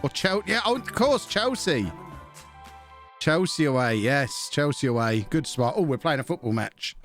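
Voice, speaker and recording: A man on a live stream, talking through a football management game in a loose, chatty way. He thinks out loud, mocks himself and keeps breaking off to thank subscribers. His voice sits a little high, with faint game music underneath. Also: animated, normal speed. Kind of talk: casual live-stream commentary.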